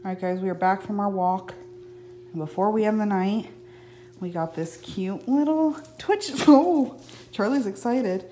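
A woman's voice: mid-range voice, warm tone, slight background noise. A young woman from the United States chatting casually in her daily vlog, sliding into bubbly baby talk with her pets. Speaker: vlogger.

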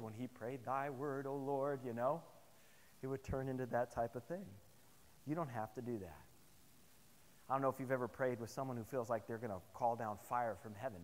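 A man's voice: mid-range voice, big-room sound. Man preaching stories in a chapel. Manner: animated, humorous storytelling to the congregation. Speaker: pastor. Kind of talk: sermon with personal stories. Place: chapel service.

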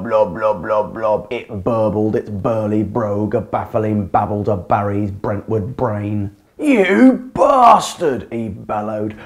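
A man narrating a comic poem as a performance poet, with a punchy, deliberate delivery that leans on alliteration. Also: medium pitch.

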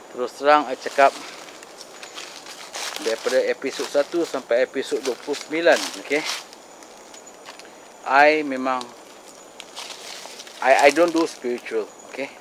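A man with a Singaporean accent talking casually as a solo ghost-hunting vlogger. He is chatty, slips Malay phrases into his English, and sometimes drops to a hush. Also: mid-range voice, noisy background. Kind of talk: casual solo vlog narration. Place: outdoors in a park at night. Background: faint crickets and insects.

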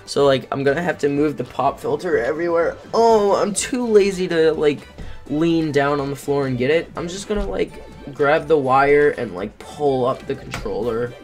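A drowsy, rambling young man talks through his video game in a loose, offhand way, swearing when it turns on him. his pitch leaps all over the place, and faint game music plays underneath. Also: expressive, moderate pace. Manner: tired, yawning, rambling and easily exasperated. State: sleepy. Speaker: gaming channel host. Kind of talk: casual let's play commentary.

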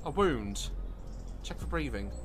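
A man reacting to clips and games with loud, sweary, excitable commentary. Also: mid-range voice, a little slow, slightly rough, faint music behind. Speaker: comedy YouTuber.

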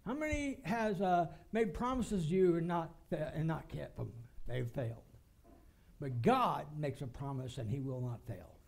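A pastor preaching a sermon with emphatic, repeated phrases. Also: male voice, a little high, measured pace, creaky, a little mellow. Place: church.

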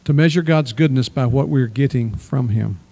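Man, pastor, sermon, gravelly voice, mellow tone, expository preaching. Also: medium pitch, normal speed. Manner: expository preaching, reads scripture then explains it plainly. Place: church sanctuary.

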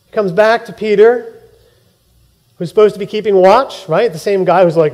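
A male pastor giving a sermon in a church, telling the story in a lively way, acting out quotes and laughing along. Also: sits high, normal speed, long pauses.

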